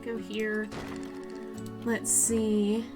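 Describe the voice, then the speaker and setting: A woman streams a zoo-building game and talks in a Southern US accent, rambling on to her chat with frequent laughs and restarts. Her voice sits at an everyday middle pitch. Soft music plays faintly behind her. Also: monotone, extremely slow.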